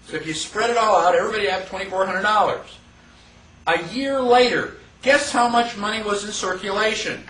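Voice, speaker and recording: A man teaching a live class in a casual, conversational way, asking the room rhetorical questions and acting out quick mock quotes. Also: sits high, sharp tone. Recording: echoey room from far off.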